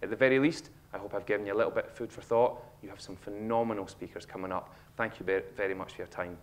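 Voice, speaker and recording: A man in his thirties with a Scottish accent, giving a humorous motivational talk on stage and acting out a child's lines with animated storytelling. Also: lowish voice, quick pace. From Scotland. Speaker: speaker. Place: auditorium stage.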